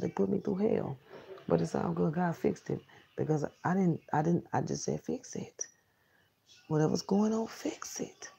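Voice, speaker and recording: Very gravelly husky woman telling a story. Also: deep voice, warm tone, muffled recording. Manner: blunt, emphatic, profane. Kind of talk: casual spoken storytelling.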